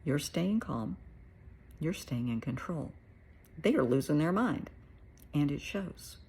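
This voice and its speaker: Husky, gravelly-voiced blunt woman therapist. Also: deep voice, expressive, takes it slowly, darkish tone. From United States. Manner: blunt, plain-spoken, colloquial. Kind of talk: casual opinion monologue to camera.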